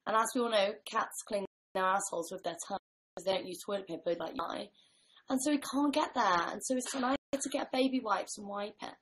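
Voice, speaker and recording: A young woman co-hosting a casual livestream, with a dry, deadpan humour. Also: medium pitch, a little fast, low-quality recording. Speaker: livestream co-host. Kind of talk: casual chat.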